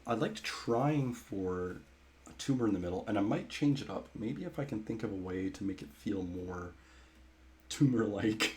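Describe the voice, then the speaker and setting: A man's voice: lowish voice, lively intonation, moderate pace, darkish tone, slight background noise. A man streaming live, chatting casually with viewers while he plays, rambling and often breaking into laughter.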